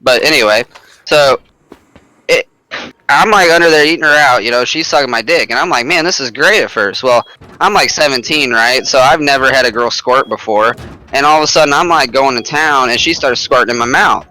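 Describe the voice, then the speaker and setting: A man's voice: medium pitch, fairly quick, sharp tone, poor audio. A young man telling a crude, boastful story over game voice chat, laughing as he goes. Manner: boastful, vulgar, laughing through his story.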